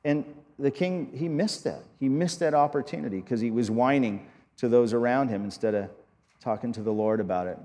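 A man preaching a sermon as pastor, earnest and halting, often restarting his sentences. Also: medium pitch, dark tone, in a large hall.

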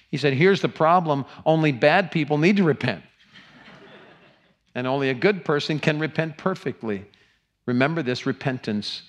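A man, a middle-aged pastor, preaching a sermon with earnest, emphatic appeals to the congregation. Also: medium pitch.

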